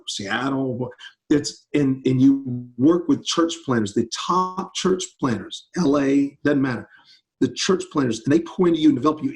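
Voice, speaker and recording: A man's voice: medium pitch, darkish tone. A man, a campus ministry pastor answering students' questions in an enthusiastic, upbeat casual chat over a video call.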